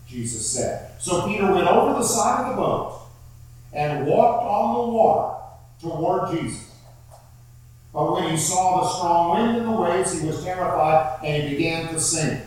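A man preaching a sermon and reading scripture aloud, slow and emphatic, repeating phrases for effect. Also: fairly high pitch. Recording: very echoey room, heard from far off.

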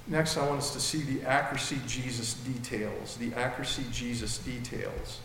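A male pastor delivers an emphatic sermon with a dry mouth, his voice ringing through a large, reverberant hall with dramatic swings in loudness. His mid-range voice is gravelly and steady at a moderate pace. The recording has long reverb and a little hiss or hum.

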